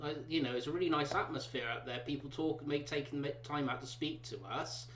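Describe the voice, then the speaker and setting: A man's voice: a little high, steady tone, brisk, a bit bright, slight background noise. A man with a Swindon accent, speaking easygoingly in casual conversation. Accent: English, Swindon. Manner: easygoing, agreeable, with frequent fillers. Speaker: independent election candidate. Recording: roomy echo.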